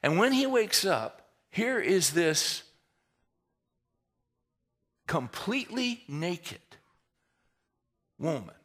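A man preaching a sermon in an animated way, mixing humorous asides into the teaching. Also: high voice, very slow, long pauses. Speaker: pastor.

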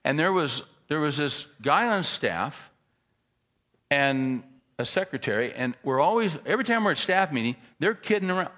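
Male pastor, sermon delivery, lively pitch, punchy emphasis dropping to low asides. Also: moderate pace. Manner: animated storyteller, swings from loud emphasis to quiet asides.

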